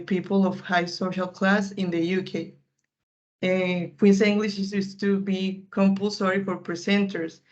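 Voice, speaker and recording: Young female student presenter, unhurried, hesitant, muffled call audio. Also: on the low side. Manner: hesitant, many fillers and restarts. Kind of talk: class presentation. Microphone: computer mic on a video call.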